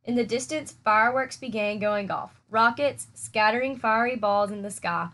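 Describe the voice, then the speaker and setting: A woman teacher reading a children's chapter book aloud in a steady, clear storytelling manner. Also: a little high, normal speed.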